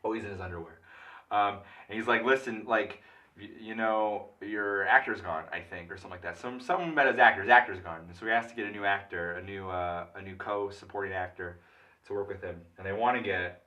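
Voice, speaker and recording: A drunk man retelling a film in a rambling, halting way, full of filler words. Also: sits low, bright, forceful tone, distant mic. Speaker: comic film recapper.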